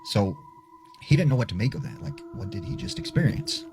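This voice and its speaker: A man's voice: very high-pitched, wildly swooping pitch, a little fast. A man casually telling a spooky story, chatty and loose, full of filler words. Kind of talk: casual spoken ghost story. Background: music.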